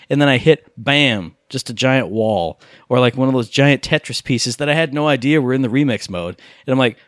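Excitable man rambling about games. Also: medium pitch, fairly quick, dry recording, clean studio sound. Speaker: podcast co-host. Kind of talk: casual gaming podcast chat.

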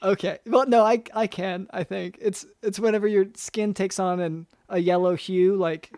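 Woman, comedy host, doctor role, hesitant, earnest, halting. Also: medium pitch, steady tone, a little mellow, dry recording, studio quality. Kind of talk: improv comedy chat.

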